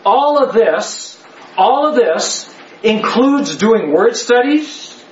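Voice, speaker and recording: Guy teaching bible class, kinda high voice, echoey dull hall sound. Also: lively intonation, slow, very noisy. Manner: emphatic, joking, rhetorical questions. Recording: echoey, slightly dull room.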